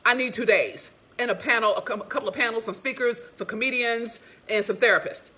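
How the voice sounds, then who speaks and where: Woman relationship coach, higher voice, sassy and preachy, casual motivational delivery. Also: brisk. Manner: animated, preachy, sassy and frank with curses. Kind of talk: casual motivational talk to women viewers.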